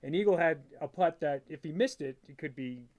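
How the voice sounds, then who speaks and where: A middle-aged man tells a story as an interview guest, his voice sitting a touch high. He talks in an animated rush, packed with "like" fillers, and acts out his own past remarks. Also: fairly quick. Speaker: guest, father of a disc golf player.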